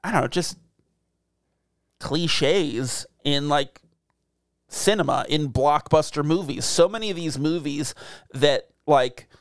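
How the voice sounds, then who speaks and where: A man's voice: a little high, slow, pauses often, no room sound, studio quality. A man co-hosting a podcast, chatting casually and crudely about movies, rambling and laughing. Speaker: podcast co-host. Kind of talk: casual movie-talk chat.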